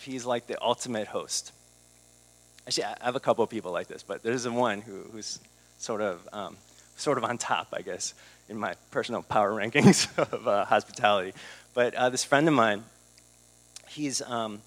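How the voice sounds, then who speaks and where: Relaxed preacher in a reverberant hall. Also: male voice, medium pitch. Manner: relaxed, conversational, with fillers and laughs. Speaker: pastor. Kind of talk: casual sermon.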